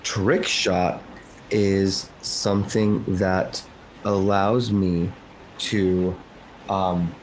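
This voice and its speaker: A man's voice: deep voice, little pitch movement, very slow, a little hiss or hum, low-quality recording. A man playing a tabletop role-playing game, hesitant and correcting himself as he explains his move. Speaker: player. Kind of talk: casual game-table talk.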